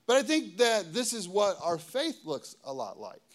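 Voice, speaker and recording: A middle-aged pastor with a fairly high voice gives a sermon in a loose, chatty way. He tells family stories and keeps checking in with his listeners. Between anecdotes his pitch and volume swing up and down. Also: moderate pace. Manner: casual, conversational, lots of "okay?" and "right?" checks with the audience; animated storytelling, pitch and volume swinging widely.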